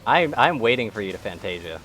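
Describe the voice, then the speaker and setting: A man with a fairly low voice banters sarcastically while streaming a game with friends. Soft music plays faintly behind him. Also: very animated, fairly quick. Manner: teasing, sarcastic. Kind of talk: casual chat while gaming.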